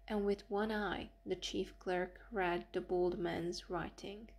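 A woman narrating an audiobook in an even, measured reading. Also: on the low side. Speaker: audiobook reader.

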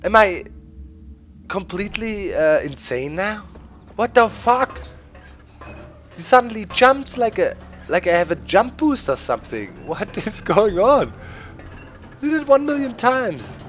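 A man whose first language is German rants through his gameplay, swearing and snapping at the game. His pitch swings widely from low mutters to sharp yelps, and his pace is slow and drawn out. Game music plays faintly behind him. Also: very animated. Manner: swearing, frustrated outbursts at the game. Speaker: gaming video host. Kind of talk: live gameplay commentary.

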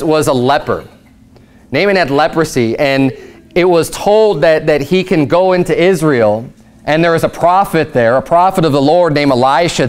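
A male pastor giving a sermon in a conversational, animated storytelling way. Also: on the high side.

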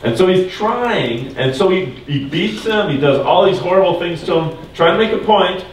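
A man's voice: sits high, animated, moderate pace, hardly any pauses, a little hiss or hum. A man teaching a Bible lesson to a class in a church room, talking casually and quizzing the group with questions. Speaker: religion teacher. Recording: echoey room from far off.

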